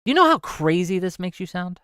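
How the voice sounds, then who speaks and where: Sarcastic streamer with a lively, bright voice. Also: male voice, high voice, fairly quick, smooth, dry recording. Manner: sarcastic, exasperated. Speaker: streamer host. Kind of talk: livestream commentary reading chat.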